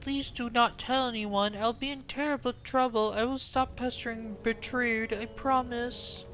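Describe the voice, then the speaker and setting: A man's voice: very high voice, fairly even intonation, measured pace, bright, forceful tone, pitched above the performer's own voice, heavily acted. A man voicing a sneaky young boy in a fantasy game, pleading not to be told on.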